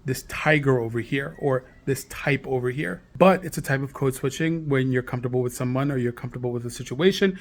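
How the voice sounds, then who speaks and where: A man hosting a history channel, explaining a topic clearly with spoken examples. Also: mid-range voice, a little fast, few pauses. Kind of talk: explanatory commentary.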